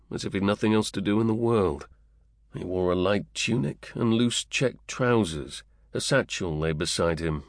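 A man narrating an audiobook in a measured, even way. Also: low voice, no room sound, studio quality.

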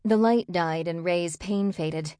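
A woman narrating a novel in a steady, expressive reading voice. Her pitch sits on the low side, and the recording is dry and close-miked. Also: slow pace, no room sound. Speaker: audiobook narrator. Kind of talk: scripted narration.

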